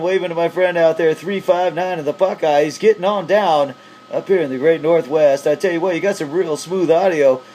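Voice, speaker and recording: A man's voice: on the high side, darkish tone, slight background noise. Upbeat male CB radio operator. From Pacific Northwest of the US. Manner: upbeat, hyping the other station. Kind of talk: casual radio chat.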